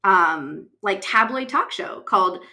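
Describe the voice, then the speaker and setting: A woman's voice: medium pitch, measured pace. A woman from the West Coast co-hosting a podcast, chatting casually with lots of fillers. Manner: chatty, many fillers, animated retelling. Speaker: podcast co-host. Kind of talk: casual chat.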